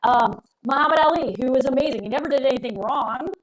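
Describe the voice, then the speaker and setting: A woman's voice: high voice, quick pace, slight background noise, low-quality recording. Chatty middle-aged woman astrologer. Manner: chatty, rambling, emphatic. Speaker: astrologer co-host. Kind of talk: casual live-stream chat.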